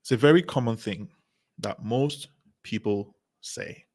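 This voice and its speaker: A man's unhurried, mid-range voice carries a motivational business seminar talk. He speaks emphatically, repeats his key phrases, and asks the audience rhetorical questions.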